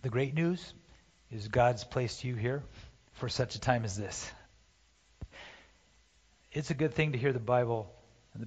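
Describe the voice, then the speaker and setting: A man preaching a sermon, impassioned, swinging from loud urging to hushed pleading, recorded in a church sanctuary. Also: mid-range voice. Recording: dull, roomy church hall sound.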